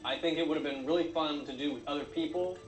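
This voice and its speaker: Deadpan man narrating a craft video. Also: on the high side, fast, reverberant, music in the background, low-quality recording. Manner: deadpan, with frequent uh fillers. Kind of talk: dry comedic narration.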